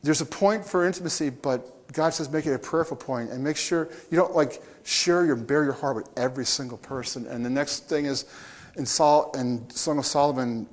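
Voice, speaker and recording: A man's voice: mid-range voice, moderate pace. Storytelling male preacher, chatty asides. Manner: animated, with restarts and chuckles. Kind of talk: conversational sermon.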